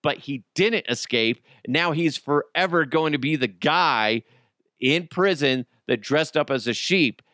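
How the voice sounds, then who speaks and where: A man's voice: fairly high pitch, measured pace, pushed and bright, dry recording, studio quality. A man hosting a casual comedy podcast, mocking news stories with crude jokes and frequent laughter. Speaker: podcast host.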